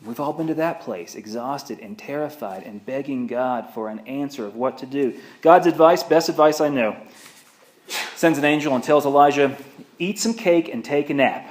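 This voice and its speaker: A man preaching a sermon as pastor, telling the story in a conversational, animated way. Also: mid-range voice, normal speed. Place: church sanctuary. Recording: echoey church room.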